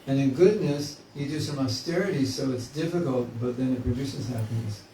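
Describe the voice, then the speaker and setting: Man, spiritual teacher, casual joking class talk, dark tone, recorded from afar in a roomy hall, faint hiss. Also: mid-range voice, fairly quick, recorded from a distance. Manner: conversational, joking, acts out inner voices. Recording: echoey room, mic from afar, faint hiss.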